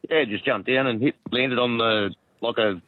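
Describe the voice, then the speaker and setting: A croaky Australian man in his fifties, calling in to a radio show, rambling and halting as he tells a story with many restarts. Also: medium pitch, no echo. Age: 50s. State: croaky from a cold. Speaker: caller. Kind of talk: radio call-in chat. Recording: tinny phone line.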